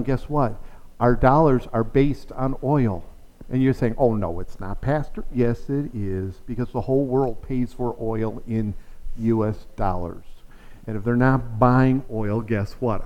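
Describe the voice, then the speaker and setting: A man's voice: mid-range voice, darkish tone, rough recording. A pastor preaching a sermon to his congregation, moving from conversational talk to fervent exhortation. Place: church sanctuary.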